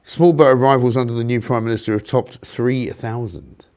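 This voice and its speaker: A middle-aged man, hosting a talk show and ranting with indignant sarcasm and loud rhetorical questions. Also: medium pitch, steady tone, normal speed. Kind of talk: opinionated ranting monologue.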